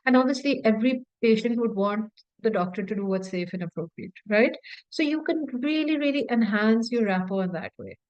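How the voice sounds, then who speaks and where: A woman's voice: a little high, fairly quick, dry recording, highs cut off. A woman teaching as a medical exam tutor in a conversational way, repeating words for emphasis and often saying "you know". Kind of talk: informal teaching talk.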